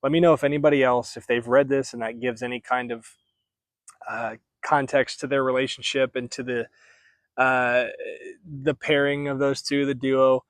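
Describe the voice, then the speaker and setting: A man's voice: mid-range voice, little pitch movement, moderate pace, no room sound. A man giving a casual, rambling book review, often correcting himself as he goes. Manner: chatty, rambling, self-correcting.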